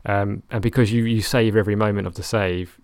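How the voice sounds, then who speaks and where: A man's voice: fairly low pitch, fairly even intonation, a little fast, darkish tone, clear, resonant tone, no echo, clean studio sound. A young man talking casually about his football management game, rambling and correcting himself with a wry tone. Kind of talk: casual chat.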